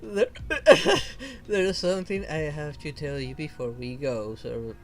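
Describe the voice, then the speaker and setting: A male VTuber streamer reading game dialogue aloud slowly, with casual commentary, laughs and mild swearing. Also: on the high side, lively intonation. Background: faint game music.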